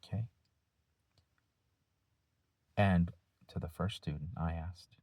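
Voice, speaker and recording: A male teacher giving a deliberate, firm talk to his students, using rhetorical questions and pauses. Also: sits low, a little mellow, no echo. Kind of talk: lecture-style talk to students.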